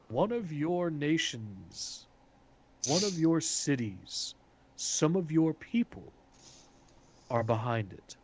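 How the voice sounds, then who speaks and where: A man playing a calm, authoritative male leader who speaks in a measured, formal way. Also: medium pitch.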